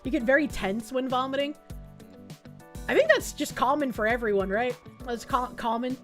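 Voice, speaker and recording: A woman's voice: high voice, expressive, normal speed, faint music behind. A woman streamer reacting to news clips, blunt and indignant, swearing freely. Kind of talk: casual reaction commentary.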